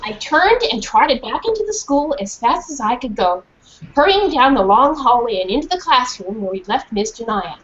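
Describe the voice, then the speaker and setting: Her voice a little high and at normal speed, a children's author reads a storybook aloud in a school classroom. She animatedly asks the class questions; the recording sounds dull and lo-fi.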